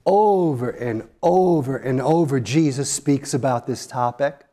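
A man's voice: mid-range voice, unhurried, hardly any pauses, warm tone. A male pastor preaching a sermon in an earnest, emphatic way, repeating key phrases.

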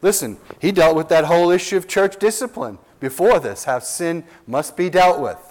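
The pastor's voice is fairly high, expressive and darkish in tone. He preaches an expository sermon with earnest emphasis, slow drawn-out stresses and rhetorical questions.

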